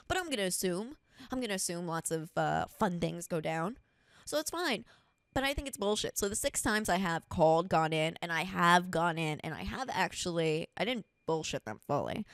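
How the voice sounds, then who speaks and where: Young woman host, animated profane storyteller, dry close sound, comedic podcast chat. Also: on the low side, no echo.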